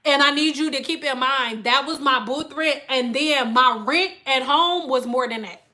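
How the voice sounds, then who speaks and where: Talking to her live-stream viewers, a hairstylist with a high, bright voice chats casually at a moderate pace, blunt and emphatic. She's an adult with school-age children, and she puts on exaggerated voices when quoting her customers.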